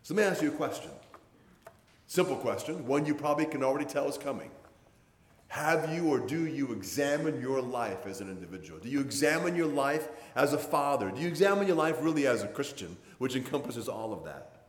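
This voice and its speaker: A man's voice: medium pitch, very animated, brisk. A man in his sixties, a pastor giving a conversational sermon in a folksy, plainspoken storytelling manner. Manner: folksy, storytelling, plainspoken with many hedging fillers. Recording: roomy sound with long hall reverb.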